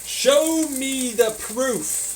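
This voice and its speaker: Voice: high voice, extremely slow, a little hiss or hum, low-quality recording. An audio blogger rambling profanely in a casual monologue, slipping in and out of put-on voices.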